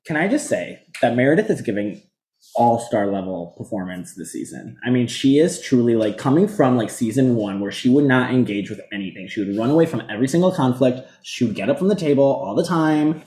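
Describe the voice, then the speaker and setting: A man chats as podcast co-host, gossiping with a loose string of fillers and quick acted-out quotes. His voice sits at a middle pitch. The room around him gives a noticeable echo. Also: lively intonation, warm tone. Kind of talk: casual chat. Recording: echoey room.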